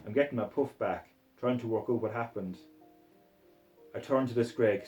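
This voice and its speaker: A man's voice: mid-range voice, normal speed, pauses often, a little mellow, faint music behind, rough recording. A man reading a crude novel aloud in a put-on Scottish accent, in a profane, aggressive first-person voice. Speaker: reader.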